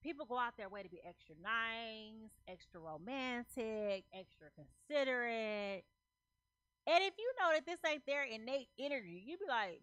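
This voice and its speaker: Woman tarot reader, slightly high, punchy and repetitive, casual slang, dry recording. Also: big pitch swings, moderate pace, a bit bright, no echo. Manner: emphatic, repeats phrases, checks in with "okay?"; loose slangy talk. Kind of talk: casual tarot reading to camera.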